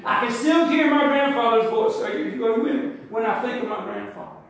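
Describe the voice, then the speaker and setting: A man preaching a sermon to his church, shouting at the peaks and drawing out his calls. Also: extremely high pitch, fairly quick, gravelly. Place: church sanctuary. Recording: very echoey church hall.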